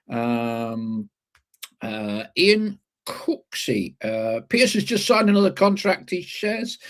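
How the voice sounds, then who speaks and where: A man hosting a casual live football podcast, reading out listener comments with chatty, wry asides between them. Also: medium pitch.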